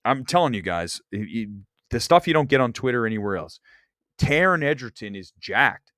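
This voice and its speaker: A man's voice: medium pitch, moderate pace, no echo, studio quality. A man hosting a movie talk show, rambling through stories and acting out the people he quotes. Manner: animated storytelling, acts out quoted people. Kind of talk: casual rambling livestream chat.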